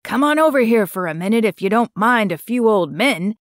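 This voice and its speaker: A woman's voice: on the high side, expressive, a little fast, no echo, clean studio sound, close to an everyday voice. A woman voicing a jovial, teasing old man. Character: chatty old man, town regular, teasing.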